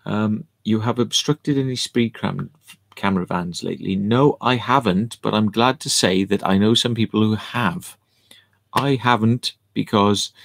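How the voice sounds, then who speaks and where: A man's voice: on the low side, creaky, dry recording. A man chatting casually on a home livestream, rambling and cheeky as he answers viewer comments and swears now and then.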